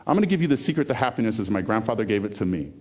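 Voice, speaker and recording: Male motivational speaker, lively pitch, punchy repetition, drops to near-whispers for effect. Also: rapid-fire. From American South. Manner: emphatic, repeats key phrases, swings between loud and hushed. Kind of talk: TEDx keynote talk.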